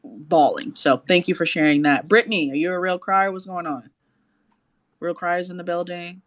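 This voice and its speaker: Animated guy hosting, talks a bit high, gushes and swears, dry sound. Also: normal speed, no echo. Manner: animated, gushing, swears freely. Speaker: host. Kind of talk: casual chat.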